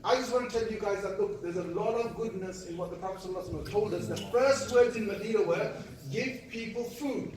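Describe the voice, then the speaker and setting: A man giving an animated storytelling lecture, acting out voices and laughing at his own jokes. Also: sits high, fast, few pauses. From Britain. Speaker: Islamic lecturer. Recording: echoey hall, speaker far from the mic.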